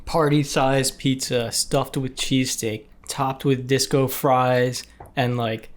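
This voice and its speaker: A young man chats easily on a podcast, laughing often and talking through bites of food. His voice sits at an ordinary middle pitch. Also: flat delivery, slow pace. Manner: chatty, giggly, talks with mouth full. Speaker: podcast co-host. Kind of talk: casual chat.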